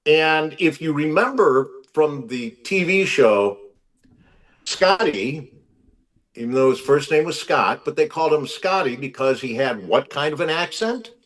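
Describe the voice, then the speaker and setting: A man telling a story as a podcast guest, measured and pausing with fillers. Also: a little high, lively intonation, fairly bright tone, distant mic. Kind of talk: slow storytelling.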